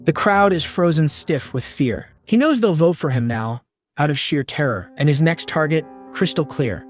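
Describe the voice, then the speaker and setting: A man's voice: fairly high pitch, expressive, moderate pace. Slangy male recap narrator over music. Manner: slangy, punchy quips. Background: faint background music.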